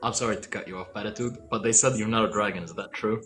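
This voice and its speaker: A man co-hosting a casual live stream chat, giggly and excitable. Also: fairly low pitch, fast, faint music behind.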